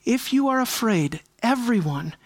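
A pastor preaching a sermon, firing rhetorical questions at the listeners and swinging from raised, high-pitched emphasis down to hushed, near-whispered lines. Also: lively intonation, unhurried, no echo. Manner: fires rhetorical questions at the congregation.

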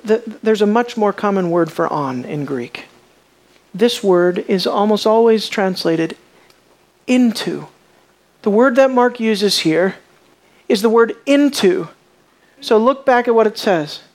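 In this sermon, the medium-pitched preacher poses questions to his audience and echoes words as he gathers his thoughts. His delivery swings from quiet, hushed phrases to loud, emphatic declarations.

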